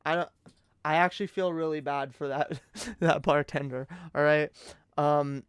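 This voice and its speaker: A man's voice: fairly high pitch, steady tone, unhurried, smooth, dry recording, clean studio sound. Young man rambling on a late-night stream. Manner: rambling, profane, many restarts.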